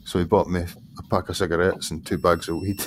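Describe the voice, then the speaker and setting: A man's voice: deep voice, flat delivery, fairly quick, noisy background. A man in casual chat, laid-back, often just murmuring agreement. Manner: laid-back, many short backchannel murmurs.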